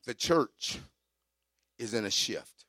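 A man's voice: mid-range voice, lively intonation, takes it slowly, no echo, clean studio sound. A middle-aged man preaching a sermon, telling his own testimony with fervor and talking straight to the congregation. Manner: fervent, builds to shouting; conversational asides to congregation.

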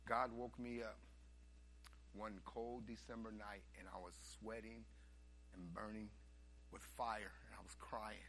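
A man preaching a sermon, telling a story and swinging from hushed asides to loud, animated bursts. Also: lowish voice, measured pace, pauses often, a little hiss or hum.

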